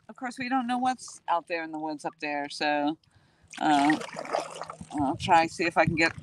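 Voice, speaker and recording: A woman's voice: mid-range voice, noisy background. A woman hosting a casual live stream from a kayak on a lake, chatting in a bubbly way with viewers. She speaks into a phone held on a selfie stick. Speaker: livestream host.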